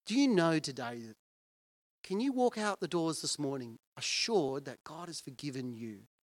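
A male pastor preaching in an earnest, conversational manner. His voice sits a little high and is well lifted, and he often asks questions of the congregation. The sound is dry and close, with no room echo. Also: expressive, normal speed. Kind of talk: sermon.

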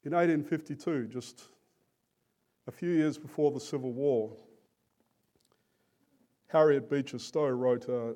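Male preacher, sermon, slow and deliberate, mellow dark tone, earnest. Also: medium pitch.

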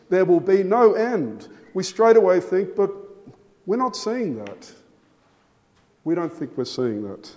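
A man preaching a sermon, emphatic, with his voice rising and falling for stress and measured pauses. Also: high-pitched, darkish tone. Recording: long hall reverb.

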